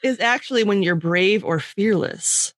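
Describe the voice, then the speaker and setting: A woman's voice: mid-range voice, a little slow, no room sound. A woman hosting a podcast, playfully quizzing her guest in a casual chat. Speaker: podcast host.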